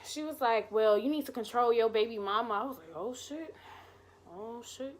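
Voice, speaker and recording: Woman doing a storytime vlog, kinda high voice, acts out what everybody said, cusses a lot. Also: normal speed. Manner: animated, acts out quoted dialogue, swears freely. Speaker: vlogger telling a personal story. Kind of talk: casual storytime.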